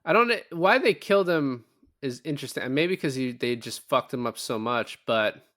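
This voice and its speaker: This casual film recap comes from a male podcast co-host who performs the quotes and swears freely. His mid-range voice is expressive and a bit bright, moving at normal speed, in clean, echo-free studio sound.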